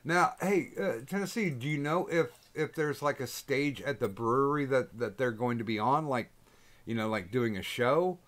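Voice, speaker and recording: A man's voice: mid-range voice, expressive, normal speed. A man hosting a podcast in casual chat, rambling and joking with many fillers. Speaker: podcast host. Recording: noisy recording.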